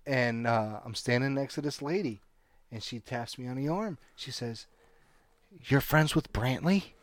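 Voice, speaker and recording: A man's voice: medium pitch, normal speed, no room sound. A man casually telling a long story, acting out what people said and laughing often. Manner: animated, laughing storyteller who acts out quotes.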